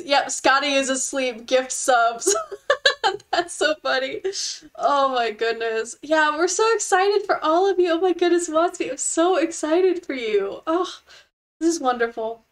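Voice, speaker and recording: A woman's voice: sits high, lively intonation, a little slow. A young woman streaming a game, chatting with her viewers in an effusive, gushing and giggly way. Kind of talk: casual live-stream chat with viewers.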